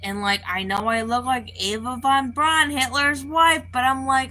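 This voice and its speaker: A woman's voice: high-pitched, steady tone, measured pace, hardly any pauses, sharp tone, poor audio. A woman spiritual advisor ranting off the cuff to camera, swearing heavily and filling her talk with "like.". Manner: profane, heated, full of "like" fillers. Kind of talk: unscripted rant to camera.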